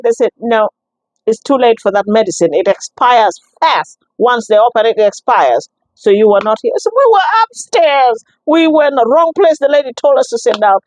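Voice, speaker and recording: A woman giving a personal testimony, telling her story in an animated, expressive way, with many restarts and acted-out exchanges. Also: fairly high pitch, moderate pace, no echo, rough recording. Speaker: guest sharing a testimony.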